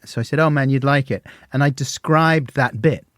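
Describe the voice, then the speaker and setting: A man's voice: medium pitch, moderate pace, dry recording, studio quality. A man hosting a podcast, chatting in a casual, enthusiastic way. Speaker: podcast host. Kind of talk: casual conversation.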